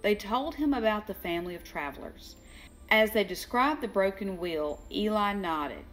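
An older woman reading a children's storybook aloud, slow and expressive, giving the characters their own voices. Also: mid-range voice, faint music behind. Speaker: children's book reader.

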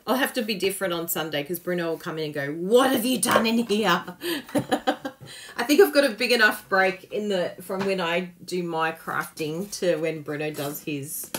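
A woman's voice: lowish voice, moderate pace, noisy background. A woman hosting a live papercraft tutorial, chatty and self-mocking, laughing often and gushing over her work as she demonstrates.

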